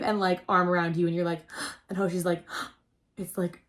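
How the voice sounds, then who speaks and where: Excitable rambling young woman host. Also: fairly low pitch, fairly quick. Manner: rambling and excitable, heavy use of "like". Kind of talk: casual storytelling chat.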